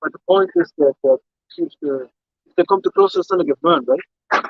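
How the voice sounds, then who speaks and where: A man with a very high, gravelly voice leads a casual Bible study in a quick, lively flow, swearing and saying "man" all the time. The sound is dull and lo-fi, with a dry room and no echo. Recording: dull lo-fi dry live stream.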